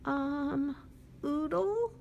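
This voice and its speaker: Woman playing a little brown bird, squeaky and high, shy but silly, sing-song, storybook. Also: animated, very slow, vocal fry, darkish tone, lo-fi sound, slight background noise, heavily acted. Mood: timid. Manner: timid, then playfully silly.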